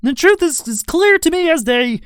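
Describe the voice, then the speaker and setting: A grand, eccentric detective holds forth in lofty, flowery speech, put on by a woman reading a game aloud. The voice sits high and bright, far above her usual register. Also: animated, normal speed, a little hiss or hum. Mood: grandiloquent. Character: pompous eccentric male detective, brash and theatrical.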